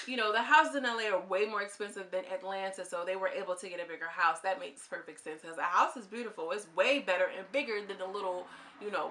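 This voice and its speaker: Bright-voiced young woman ranting casually. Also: fairly high pitch, slight background noise. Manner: candid, slangy, opinionated, goes off on tangents. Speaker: reality TV reviewer. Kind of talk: casual commentary vlog.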